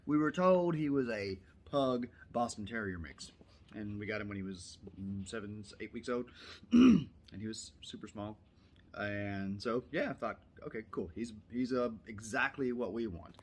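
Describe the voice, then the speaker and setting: A man's voice: on the low side, animated, a little slow, slight background noise. A man telling a story in a casual vlog, rambling and chatty, now and then breaking off to scold a puppy. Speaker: vlogger. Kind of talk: casual chat.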